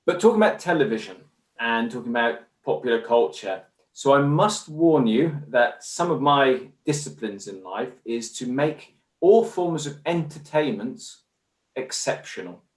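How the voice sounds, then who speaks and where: A man's voice: mid-range voice, expressive, moderate pace. A man with an English accent, a guest in a conversational interview, talking in an earnest, discursive way. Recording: roomy echo.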